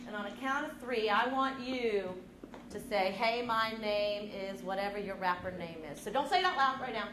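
A woman leading a middle-school drama lesson, coaching students with energetic, encouraging instructions. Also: on the high side, noisy background. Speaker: drama teacher. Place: school classroom. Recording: echoey classroom with students around.

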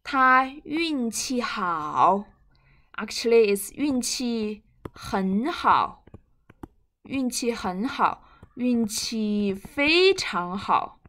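A woman's voice: a little high, sing-song, drawn-out words, fairly bright tone. A woman whose first language is Mandarin Chinese, teaching a bilingual language lesson and patiently repeating and glossing each word.

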